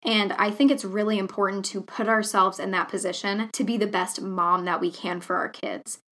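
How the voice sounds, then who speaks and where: A woman's voice: mid-range voice, level tone, moderate pace, fairly bright tone. A young woman hosting a solo podcast, talking in an earnest, chatty way with many casual fillers. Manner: earnest, chatty, lots of fillers like "you know". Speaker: podcast host.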